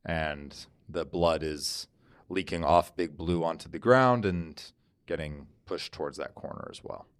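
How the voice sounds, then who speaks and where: A man narrating a tabletop game as game master, calmly describing scenes. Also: very deep voice, a little slow, clear, resonant tone.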